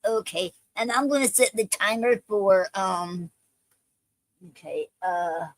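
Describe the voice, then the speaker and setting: A woman hosting a casual poetry live stream, speaking haltingly with many fillers and restarts as she chats with viewers. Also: mid-range voice, no echo, low-quality recording. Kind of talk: casual live-stream chat, leading a poetry writing session.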